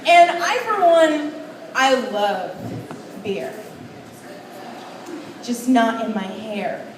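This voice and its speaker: A woman's voice: a little high, sing-song, drawn-out words, background noise. A young woman doing crude, playful stand-up at an open mic in a bar. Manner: brash, crude, playful punchlines. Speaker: stand-up comedian. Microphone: far camera recording a stage. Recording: roomy bar sound from far off.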